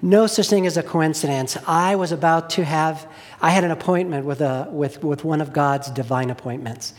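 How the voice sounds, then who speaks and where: A man's voice: on the high side, moderate pace. Earnest man preaching his testimony. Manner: earnest storytelling, drops to hushed tones. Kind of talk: sermon testimony.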